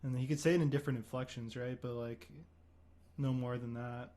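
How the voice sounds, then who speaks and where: A man streaming, chatting in a deadpan, mock-earnest way with many "like" fillers. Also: mid-range voice, brisk. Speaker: streamer on a comedic stream date. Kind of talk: casual livestream chat.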